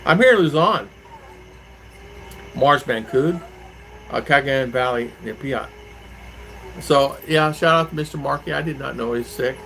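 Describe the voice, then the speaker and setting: A man from Arizona hosts a relaxed live stream, rambling from one topic to the next as he answers viewer comments. His voice sounds bright and forceful at a middle pitch, with a faint hum of noise underneath. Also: unhurried, gravelly, pauses often, rough recording. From Arizona, USA. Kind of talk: casual live stream chat.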